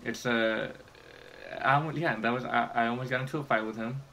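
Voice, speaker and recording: Young male gamer, bright tense tone, loose rambling storyteller who curses a lot. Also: medium pitch, steady tone, a little fast, gravelly, slight background noise, low-quality recording. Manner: rambling, swears freely, many restarts. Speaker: gaming vlogger. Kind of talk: casual storytelling while gaming.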